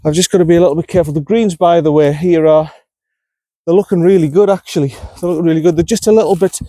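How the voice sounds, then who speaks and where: Talking fast in a slightly high, dark voice with a steady tone, this man records with no room sound. He's a North East England golfer vlogging outdoors, narrating his shots and cross with himself over his play.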